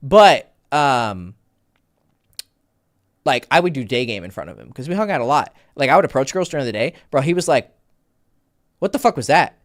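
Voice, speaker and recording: A man's voice: mid-range voice, animated, normal speed. A man talking as a dating coach in a casual livestream Q&A, rambling with lots of fillers and swearing freely. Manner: rambling, filler-heavy, profane.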